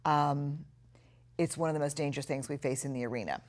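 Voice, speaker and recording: Low-voiced middle-aged woman teaching earnestly. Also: a little mellow. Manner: earnest, reflective, with slow emphatic stretches. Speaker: course instructor. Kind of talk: recorded video lesson.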